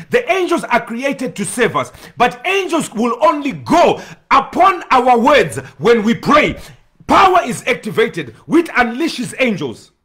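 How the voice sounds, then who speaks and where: A man's voice: very high-pitched, fairly bright tone, husky. A man preaching an emphatic sermon, repeating phrases and breaking into bursts of tongues.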